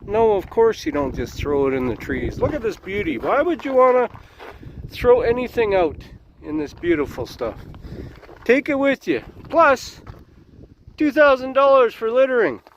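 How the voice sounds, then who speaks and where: Man, forties, trucker vlog chat, high voice, rambling jokey stories, faint traffic outdoors. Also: very animated, moderate pace. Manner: rambling, jokey storytelling with fillers and laughs. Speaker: trucker vlogger.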